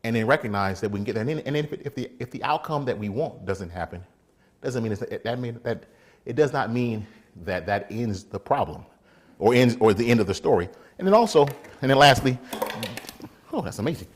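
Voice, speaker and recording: A man, a defense attorney, giving a casual motivational faith talk, animated, laughing often and acting out little scenes. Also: medium pitch, brisk.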